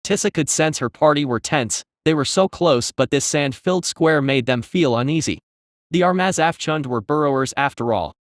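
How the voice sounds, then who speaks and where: Male narrator, fantasy audiobook read, slightly high voice, dry close recording. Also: animated, moderate pace, dry recording.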